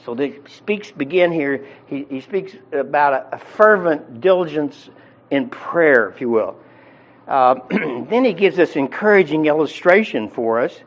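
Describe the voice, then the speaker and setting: A man's voice: a little high, expressive, measured pace, highs cut off. A man teaching a Bible sermon in a conversational way, often restarting and repeating his words. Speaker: preacher.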